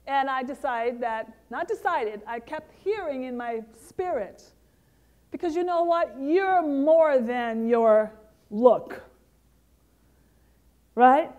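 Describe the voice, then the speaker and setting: Middle-aged woman with a high voice, from the Caribbean, delivering a lively interactive keynote. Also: takes it slowly, pauses often, narrow, tinny audio. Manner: lively, interactive, talks to the audience directly. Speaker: keynote speaker. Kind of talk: motivational keynote speech.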